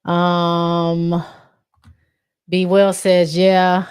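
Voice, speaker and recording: A woman hosting a casual sports livestream, reading viewer comments aloud and laughing as she stumbles over names. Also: lowish voice. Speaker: livestream host.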